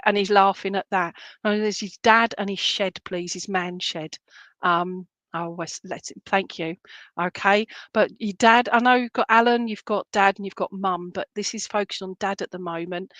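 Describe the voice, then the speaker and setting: A woman works as a medium, giving a reading in a loose, searching way with many ums and restarts. Her voice sits at a middling pitch. The recording is close and dry, with no room sound. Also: fairly even intonation, a bit bright, no room sound. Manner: halting, searching, full of fillers and restarts; relays spirit messages in a chatty, jokey way. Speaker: spiritualist medium. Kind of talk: clairvoyant reading in an online church service.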